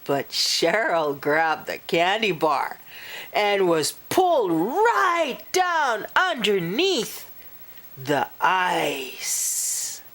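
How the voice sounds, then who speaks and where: A woman reading a children's picture book aloud, animated and expressive, pausing to talk to young listeners. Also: medium pitch. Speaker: storyteller.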